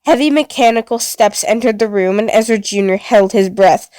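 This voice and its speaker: A woman narrating a story in a steady, plain reading voice. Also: medium pitch, normal speed, clear, resonant tone, dry recording.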